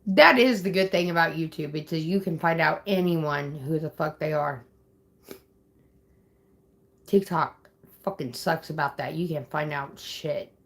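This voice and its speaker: Pissed off woman livestreaming, cussing out chat, kinda low voice. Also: measured pace, long pauses. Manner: agitated, swearing, threatening viewers. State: upset. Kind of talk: angry livestream rant.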